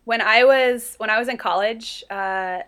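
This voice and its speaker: A woman's voice: on the high side, a little slow, a bit bright. Chill reflective woman chatting w friends, laughs a lot. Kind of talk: casual chat.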